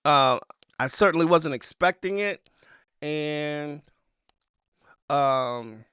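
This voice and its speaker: Man, stream review host, bright crisp voice, halting with ums, dry close sound. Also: on the high side, no echo. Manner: halting, lots of ums and restarts. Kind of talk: casual live-stream review.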